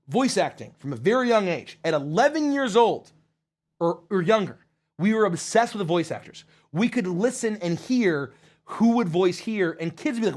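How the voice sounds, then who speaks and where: A man, a voice actor and show host, chatting casually and rambling through viewer questions on a livestream. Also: high voice. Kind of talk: casual livestream Q&A, reading chat.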